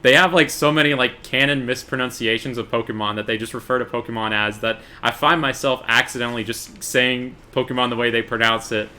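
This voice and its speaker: A man in his twenties chatting casually while streaming a game, relaxed and talkative with quick bursts of excitement. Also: mid-range voice. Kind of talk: casual gaming stream chat.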